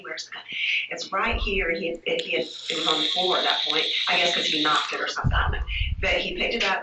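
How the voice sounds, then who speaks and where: Distressed woman on a distant, echoey recording. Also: lowish voice. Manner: halting, restarting, distressed retelling. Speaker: interviewee giving a police statement. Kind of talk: recorded police interview. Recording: distant, echoey, lo-fi room recording with loud hiss.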